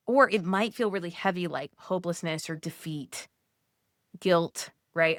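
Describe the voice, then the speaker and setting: A woman's voice: fairly low pitch, a little slow, no echo, clean studio sound. A woman coaching Catholic mothers in a casual, conversational way, often saying "like" as she walks listeners through steps. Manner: conversational, frequent "like", gently coaching. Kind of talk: casual teaching talk.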